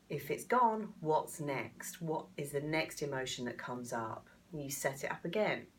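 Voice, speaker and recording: A woman coach calmly explaining a self-help technique, encouraging and repeating key phrases. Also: deep voice, recorded from a distance, a little hiss or hum. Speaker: mindset coach. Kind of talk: instructional talk demonstrating a technique.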